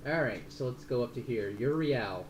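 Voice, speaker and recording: A man's voice: mid-range voice, animated, normal speed. Guy running a tabletop game, rambly and confused by the rules, echoey room, a bit of background hiss. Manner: rambling, muddled by the rules, casual swearing. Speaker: game master. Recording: roomy room sound.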